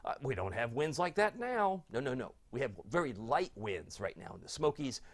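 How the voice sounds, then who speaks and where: A man's voice: medium pitch, big pitch swings, moderate pace. A middle-aged man, a TV weatherman, chatting through a live forecast and reading out viewer comments in a sentimental, easily moved way.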